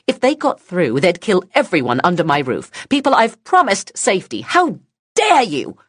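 A woman's voice: on the low side, huge pitch swings, normal speed, slightly rough, no echo, clean studio sound, voice pushed up, heavily acted. A woman voicing a stern, fierce innkeeper woman. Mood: furious. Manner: sharp, indignant scolding.

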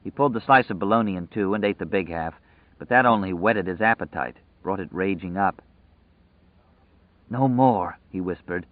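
Male audiobook narrator, low voice, measured and vivid, thin phone-like sound, dry. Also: no room sound. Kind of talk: scripted narration.

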